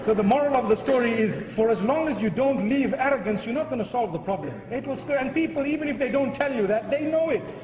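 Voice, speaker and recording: High-voiced male preacher, emphatic. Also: animated, fast talker, few pauses, a crowd in the background. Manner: emphatic, repeats key phrases. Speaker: Islamic preacher. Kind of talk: sermon with humorous storytelling. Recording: echoey lecture hall.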